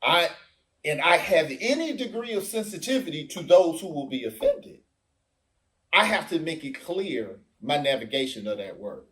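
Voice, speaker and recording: Animated man telling stories in casual chat. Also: on the high side, moderate pace. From Africa. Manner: animated storyteller, acts out quoted voices. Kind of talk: casual discussion.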